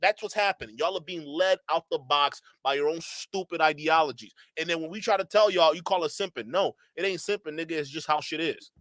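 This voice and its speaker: A man with a high, bright voice rants through a reaction commentary. He talks bluntly and profanely, breaking into laughter and mocking asides. The sound is dry and close. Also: a little fast, few pauses, dry recording. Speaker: streamer commentator.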